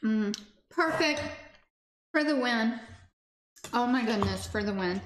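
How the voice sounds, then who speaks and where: Cooking in her home kitchen, a bubbly woman hosts a casual livestream and chats with viewers as she goes. Her voice is a little high with lively intonation and a slow pace, and the echoey kitchen carries faint background noise.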